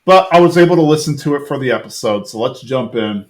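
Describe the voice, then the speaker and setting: A man's voice: mid-range voice, lively intonation, fast. A man in his thirties casually recapping a cartoon episode on a podcast, rambling with lots of fillers and restarts. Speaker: podcast co-host.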